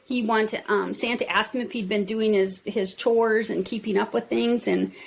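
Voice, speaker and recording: A woman with a Minnesota accent who owns a toy store tells stories in a casual interview, chatty and animated. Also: medium pitch, moderate pace, creaky, slight background noise. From United States. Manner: chatty, acts out quotes in lively voices. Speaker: toy store owner, guest.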